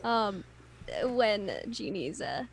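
A woman's voice: mid-range voice, lively intonation, drawn-out words, gravelly, a little hiss or hum. A woman co-hosting a podcast, chatting casually about a movie, laughing often and saying "like" a lot. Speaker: podcast co-host.

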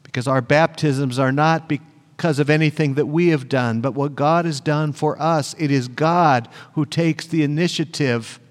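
A man's voice: a little high, moderate pace. A male pastor preaching a sermon, earnest and emphatic, repeating phrases for weight. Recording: long church reverb.

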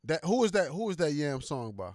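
Southern man co-host, animated, talks over people, fairly high voice, dry close mic. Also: a little fast, no room sound. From Mississippi. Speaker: podcast co-host. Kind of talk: casual chat.

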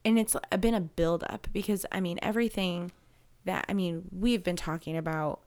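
A woman's voice: fairly low pitch, steady tone, normal speed, darkish tone. A woman in her thirties talking openly and emotionally in a personal conversation, rambling and restarting as she works through her feelings.

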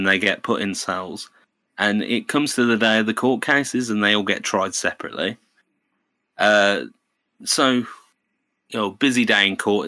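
A man with a fairly low voice and a bright, forceful tone hosts a casual podcast. He rambles through long jokes, swears freely and acts out the characters as he goes. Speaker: podcast host. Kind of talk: casual chat, telling a long joke.

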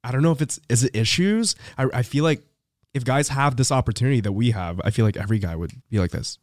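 A man's voice: medium pitch, animated, fast, darkish tone, dry recording, clean studio sound. A man chatting as a podcast co-host, agreeing readily with short affirming replies. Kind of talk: casual chat.

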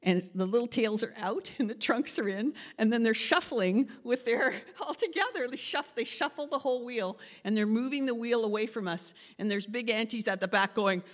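A woman pastor preaching a sermon, telling a story with lively acted-out voices and frequent laughs. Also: a little high, normal speed, hardly any pauses, big-room sound. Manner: animated, acts out voices in her story, laughs often.

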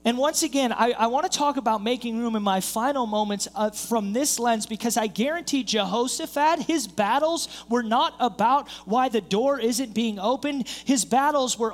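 A man's voice: very high voice, moderate pace, hardly any pauses, long reverb tail. A man preaching a sermon as a pastor, telling a story and acting out the voices of the people in it. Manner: storytelling, acts out quoted voices, builds in intensity. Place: church sanctuary.

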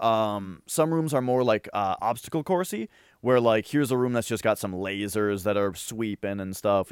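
Low, smooth-voiced man rambling excitedly. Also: dry recording, clean studio sound. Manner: rambling, excitable, heavy on fillers and restarts. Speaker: podcast co-host. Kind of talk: casual chat.

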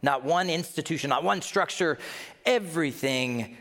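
A pastor preaches with a playful, joking delivery, his somewhat high voice swooping up and down as he acts out his congregation's reactions. His voice carries the long reverb of a large church sanctuary. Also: lively intonation, normal speed, a bit bright. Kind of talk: humorous conversational sermon.

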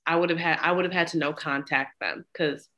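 A woman's voice: low voice, brisk, muffled recording. Blunt, profane young woman recapping a movie. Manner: blunt, profane, animated storytelling. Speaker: podcast co-host. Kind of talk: casual movie recap chat.

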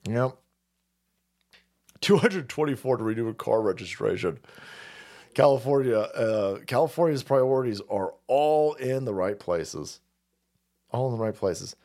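A man's voice: medium pitch, expressive, measured pace, long pauses, warm tone. A man hosting a livestream, ranting in a profane, rambling, sarcastic way and laughing often. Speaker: stream host. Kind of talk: ranting commentary.

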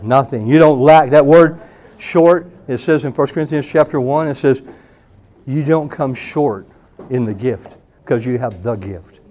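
A man preaching at a church meeting, telling a story and acting out the voices of the people in it with loud bursts. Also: mid-range voice, measured pace. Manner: animated, acts out quoted voices loudly. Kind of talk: sermon with storytelling.

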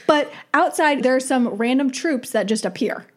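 A woman's voice: high-pitched, lively intonation, normal speed. A woman co-hosting a casual film review chat, laughing often and quoting lines mockingly. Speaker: podcast co-host.

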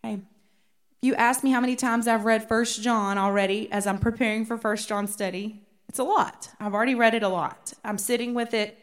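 A woman's voice: a little high, steady tone, normal speed. A woman teaching a women's Bible study in a conversational way, often checking in with her listeners.

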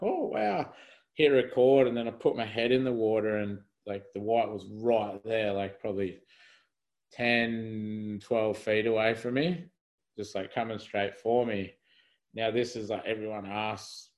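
Rambling young man, low voice. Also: level tone, measured pace, poor audio. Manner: rambling, filler-heavy, laughing through the story. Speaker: podcast guest, spearfisher. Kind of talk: casual storytelling in conversation.

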